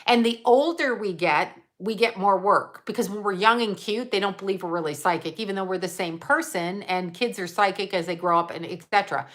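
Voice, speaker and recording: Brief: middle-aged woman, psychic medium, loose rambling live vent, bright edgy tone, curses freely. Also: medium pitch, brisk, few pauses. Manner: blunt, profane, rambling with frequent laughs and asides. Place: home in Los Angeles area.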